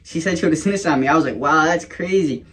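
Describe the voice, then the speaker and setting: Young man vlogger, casual storyteller, slightly high voice, swears freely. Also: fast talker, fairly bright tone. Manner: casual, profane, rambling with laughs.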